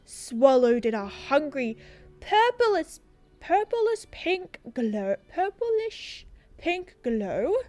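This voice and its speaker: A woman's voice: sits high, sing-song, drawn-out words, a little mellow, no room sound, soft background music, exaggerated voice. A woman with an Australian accent voicing a panicky, melodramatic male village councilman in a video game. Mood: panicked. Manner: dramatic, alarmed, pleading.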